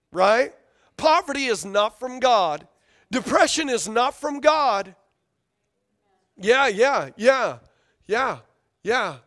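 A pastor preaching a sermon to a congregation in a church, talking with lively slang and calling for responses. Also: male voice, sits high. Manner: energetic, call-and-response with congregation, casual slang. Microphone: handheld or stage microphone.

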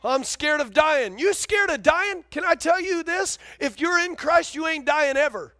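A male pastor preaching a lively sermon, often stopping to call out to his congregation for answers. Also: very high voice, normal speed, no room sound, studio quality. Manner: animated preaching, calls for congregation response.

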